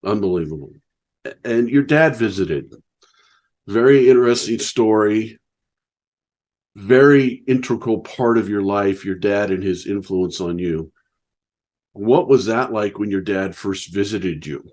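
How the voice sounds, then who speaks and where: A man's voice: lowish voice, measured pace, long pauses, darkish tone. A man hosting a podcast interview, reflecting on his guest's story with short, emphatic, affirming remarks. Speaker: podcast host. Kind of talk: interview conversation.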